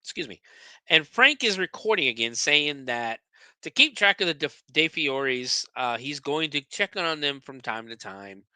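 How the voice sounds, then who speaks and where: Bright-voiced man recapping a movie. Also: a little high, big pitch swings, normal speed, clear, resonant tone, dry recording. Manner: profane, sarcastic, stumbling over words. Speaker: podcast host recapping a movie.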